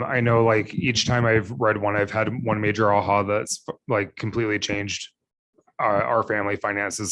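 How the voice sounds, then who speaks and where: Low flat-voiced man sharing a reflection. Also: low-quality recording. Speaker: team member. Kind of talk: casual group discussion.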